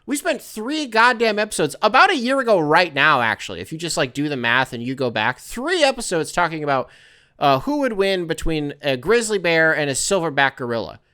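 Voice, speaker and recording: A man's voice: a little high, very animated, fairly quick, bright, forceful tone, smooth. A young man hosting his own podcast from a home desk, chatting loosely with profane, rambling asides. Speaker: podcast host. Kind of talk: casual solo podcast monologue. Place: home workstation.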